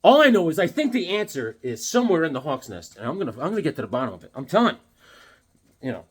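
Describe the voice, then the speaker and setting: 50s guy rambling about comics, kinda jokey, voice sits a bit high. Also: big pitch swings, quick pace, husky. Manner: rambling, jokey, with filler words. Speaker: comic book vlogger. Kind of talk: casual comic review vlog.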